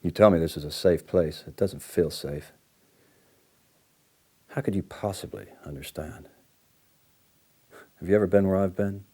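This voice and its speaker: Man acting as a volatile recovering addict client, very deep husky voice, outbursts then muttering. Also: measured pace, pauses often, warm tone. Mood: angry, bitter. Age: late 40s. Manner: swings between outbursts and low, muttered apology. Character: angry recovering male addict near fifty, volatile and ashamed. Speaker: counselling client in a training role-play.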